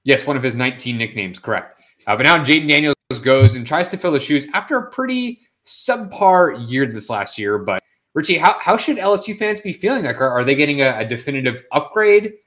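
A man's voice: medium pitch, sing-song, a little fast, a bit bright. A man co-hosting a casual sports podcast, talking in a hesitant, self-deprecating way. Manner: hesitant, self-deprecating, with many fillers and restarts. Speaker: podcast co-host.

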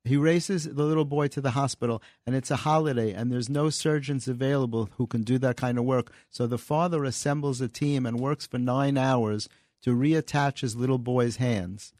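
A man's voice: mid-range voice, steady tone, moderate pace, a little mellow, dry recording. A man being interviewed in a radio studio, telling stories in an earnest way. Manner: earnest storyteller. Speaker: guest, comedy writer and author. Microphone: studio microphone.

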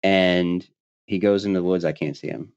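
A man with a fairly low voice tells a hunting story in casual chat, laughing now and then and putting on the voices of his friends. The recording is dry and a little dull, with the top end rolled off. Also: normal speed, smooth, dry recording. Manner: animated, laughing often, acting out quoted friends. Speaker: podcast guest telling a hunting story.

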